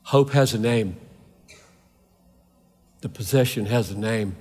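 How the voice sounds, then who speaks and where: A man's voice: lowish voice, slow, a little mellow, slightly rough. A man preaching a sermon with fervor, driving his points home through repeated rhetorical questions. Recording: long hall reverb.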